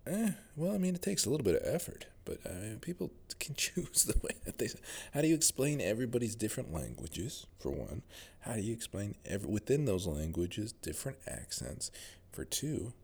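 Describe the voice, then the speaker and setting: A man's voice: fairly low pitch, big pitch swings, moderate pace, gravelly, darkish tone, breathy edge. A man with a General American accent, rambling through a casual solo monologue as a podcast host. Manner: rambling, musing, many fillers and restarts.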